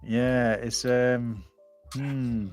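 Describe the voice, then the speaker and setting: A man's voice: medium pitch, drawn-out words, soft background music. Chatty man hosting a casual chat. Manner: chatty, animated, laughs often. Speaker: podcast host.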